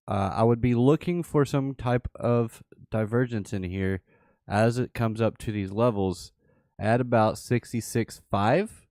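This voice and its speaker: A man's voice: medium pitch, a little mellow, no room sound, clean studio sound. A man hosting a livestream, giving casual live chart commentary and thinking aloud with repeated phrases. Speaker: livestream host.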